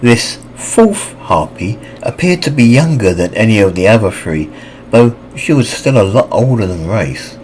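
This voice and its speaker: A man narrating a fantasy audiobook with expressive, scripted reading. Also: moderate pace, a little hiss or hum, rough recording. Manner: expressive reading with lively pitch.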